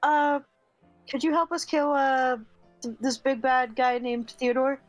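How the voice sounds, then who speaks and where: A young woman playing in a tabletop game, giggly and answering quickly in character. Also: high-pitched, fairly even intonation, no room sound, soft background music, poor audio. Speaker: player. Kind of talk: tabletop role-play.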